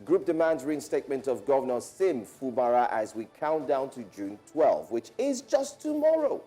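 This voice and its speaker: A man's voice: mid-range voice, very animated, moderate pace, warm tone, soft background music. A man hosting a morning TV news show, reading headlines with casual asides to viewers. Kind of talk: TV news presenting.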